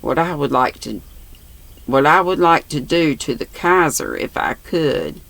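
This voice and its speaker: A woman's voice: low voice, lively intonation, a little slow, gravelly, a bit bright, full character voice. A grandmother doing an earnest, blunt little boy. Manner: grave and earnest.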